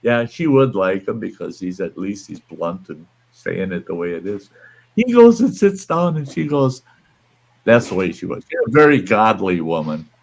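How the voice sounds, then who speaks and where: A man's voice: lowish voice, big pitch swings, normal speed, vocal fry. An older man hosting a livestream, telling a story in a blunt, folksy, profane way. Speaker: livestream host. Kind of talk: casual storytelling.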